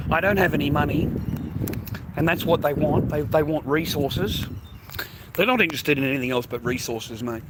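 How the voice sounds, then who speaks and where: A man's voice: mid-range voice, a bit bright. An older man with an Australian accent, livestreaming a blunt, profane street rant and calling everyone "mate" and "bro". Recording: noisy outdoor phone stream.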